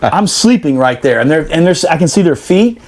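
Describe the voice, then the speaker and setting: A man in a podcast room telling an old service story with a slightly high voice. He talks casually and animatedly, swears a lot and laughs. He acts out every quote as he goes. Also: big pitch swings, a little fast, slight background noise.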